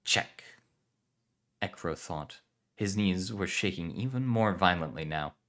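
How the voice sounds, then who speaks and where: Calm man reading a story aloud. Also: low-pitched, normal speed. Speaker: narrator.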